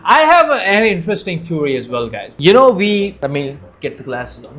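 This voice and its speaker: High-voiced man chatting about football. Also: sing-song, normal speed, hardly any pauses, a bit bright, a little hiss or hum. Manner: chatty, joking, addresses viewers directly. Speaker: football channel host. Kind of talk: casual football vlog.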